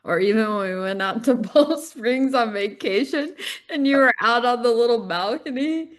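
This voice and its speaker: A woman's voice: a little high, moderate pace. Laughing woman podcast co-host. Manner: laughing, animated storyteller. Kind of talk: casual chat.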